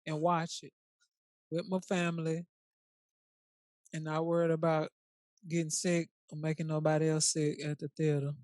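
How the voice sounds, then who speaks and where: A podcast co-host chatting casually in a sassy, colloquial way, quick to react. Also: mid-range voice, completely flat delivery, a little mellow, no room sound. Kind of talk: casual chat.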